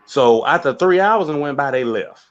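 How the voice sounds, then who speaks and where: Animated man telling a profane story, lo-fi. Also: a little high, moderate pace. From St. Louis, USA. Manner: animated, profane, acts out quotes. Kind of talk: casual storytelling. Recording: lo-fi dull audio.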